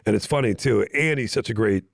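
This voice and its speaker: A man's voice: lowish voice, brisk, gravelly, no room sound, studio quality. A man from Canada, a podcast guest, chatting casually and telling rambling, self-mocking stories full of restarts. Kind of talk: casual chat. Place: podcast studio.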